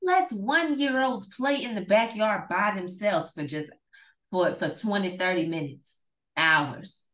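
A woman co-hosting a casual podcast chat, telling stories in an animated, emphatic way. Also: medium pitch, measured pace. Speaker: podcast co-host. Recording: echoey room.

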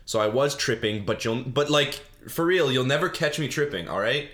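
Medium-pitched, animated and a bit bright, a young man talks at a moderate pace into a desk mic on his solo podcast. The rambling comedy chat is goofy: he teases himself, laughs at his own jokes and stages a mock-sobbing, put-on crying routine.

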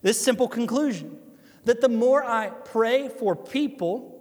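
A man with an Ohio accent, preaching a sermon as pastor, animated and conversational with asides to listeners. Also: very high-pitched, measured pace. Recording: long hall reverb.

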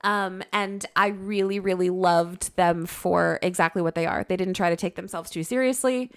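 A young woman co-hosting a podcast in casual, animated chat, with lots of "like". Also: fairly low pitch, moderate pace, smooth. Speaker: podcast co-host.

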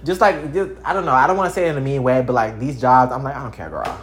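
A vlogger around thirty, from Texas, chatting casually to camera in an animated, profane way with big swings in pitch and loudness. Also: fast, slight background noise.

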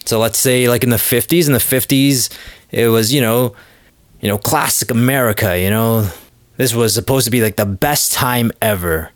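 A man riffing through a comedic monologue with a loose, sarcastic, rambling delivery and plenty of fillers. His voice sits at an average pitch. The recording is close and dry, with no room sound. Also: moderate pace, no echo. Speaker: comedic podcast host.

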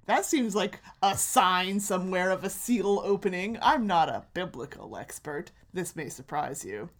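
Woman, podcast co-host, playful banter, laughs often, animated pitch. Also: a little slow. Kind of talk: casual banter.

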